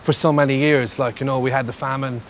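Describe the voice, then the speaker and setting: A man's voice: medium pitch, steady tone, fast talker, a little hiss or hum. A man with a Limerick Irish accent, a stand-up comedian chatting in an interview with wry, rambling humour. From Limerick, Ireland. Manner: rambling, wry storyteller, self-deprecating jokes. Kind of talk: casual chat in an interview.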